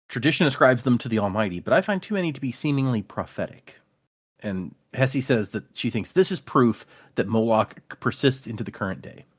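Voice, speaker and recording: A man co-hosting a casual book discussion podcast, retelling chapters with animated energy. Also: medium pitch, husky. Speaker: podcast co-host. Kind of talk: casual chat recapping a book.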